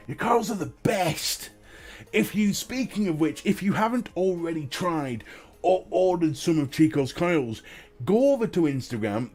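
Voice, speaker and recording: Animated Northern English man chatting live. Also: on the high side. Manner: chatty, animated, laughs often. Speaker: live-stream host and vape reviewer. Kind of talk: casual live-stream chat, greeting chat viewers.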